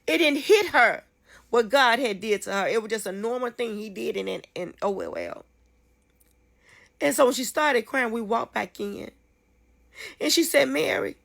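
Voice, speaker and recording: A woman telling a dream testimony casually, fervent and repetitive, climbing high when she rejoices. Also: vocal fry, a bit bright. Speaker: storyteller sharing a dream testimony.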